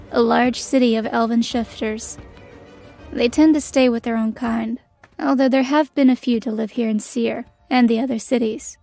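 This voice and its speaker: Young female elf soldier narrating her own story in an audio drama, played by a young woman: bitter, defiant, flat delivery. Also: fairly high pitch, creaky. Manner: bitter, defiant inner monologue.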